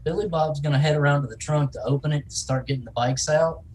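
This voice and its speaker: A man's voice: fairly high pitch, quick pace, a little mellow, poor audio. A man playing a tabletop game, casually describing what his character does. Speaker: player.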